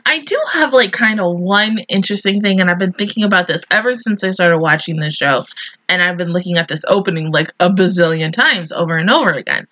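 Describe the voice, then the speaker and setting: A woman talks through an anime episode in casual reaction commentary, excitable and quick to swear. Her voice is bright and tense, with a lively, swooping pitch. The sound is dry and a little dull, like a modest home setup. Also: no room sound. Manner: excitable, gushing, swears freely.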